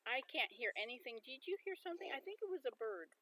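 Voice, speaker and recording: A woman's voice: fairly high pitch, sing-song, fast talker, pushed and bright, rough recording. A woman hosting a casual livestream, chatting and musing aloud as she sounds out words. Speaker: livestream host.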